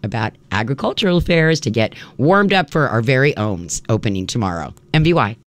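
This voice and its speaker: Lively, chatty woman radio DJ. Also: a bass voice, a little fast. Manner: chatty, laughs easily, playful asides. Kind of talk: casual on-air radio chat. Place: radio studio. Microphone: studio microphone.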